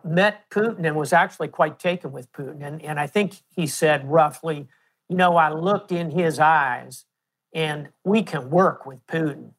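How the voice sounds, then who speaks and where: A man as an interview guest, explaining history in a measured, storytelling way. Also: fairly high pitch. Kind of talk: interview answer.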